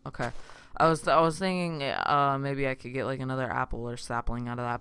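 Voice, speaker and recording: A man's voice: mid-range voice, fairly even intonation, fairly quick, pushed and bright, a little hiss or hum. A young man casually narrating his own game play, rambling and chatty with lots of fillers and self-interruptions. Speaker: gaming YouTuber. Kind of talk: casual Minecraft let's play commentary.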